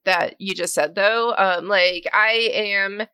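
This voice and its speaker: A woman's voice: medium pitch, steady tone, slow pace, sharp tone, clean tone, no room sound. A woman in her twenties from Massachusetts co-hosting a podcast, chatting casually and filling her sentences with "like". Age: 20s. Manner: filler-heavy, many "like"s. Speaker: podcast co-host. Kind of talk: casual chat.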